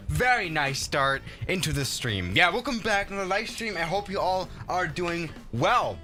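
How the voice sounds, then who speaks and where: A man chatting casually on a live stream while playing a flight simulator, excitable and often stumbling and restarting his sentences. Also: sits high, measured pace, faint music behind.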